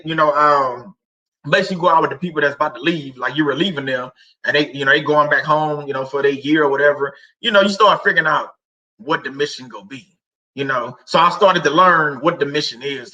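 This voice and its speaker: Middle-aged male stream host, very bright, slightly high voice, loose rambling faith talk, dull lo-fi audio. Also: fairly quick. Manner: rambling, conversational, many fillers and restarts. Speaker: livestream host.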